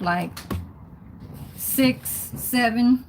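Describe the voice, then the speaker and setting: Speaking slowly at a medium pitch, a woman hosts a casual cooking livestream from her home kitchen, later moving outdoors. She chats with viewers as she cooks and swears now and then, with slight background noise audible.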